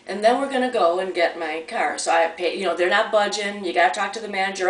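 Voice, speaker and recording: A woman's voice: lowish voice, fairly quick, few pauses. A woman casually telling a personal story at home in a chatty, rambling way, often restarting her sentences. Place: at home, near a coffee maker. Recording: roomy sound from a distant mic.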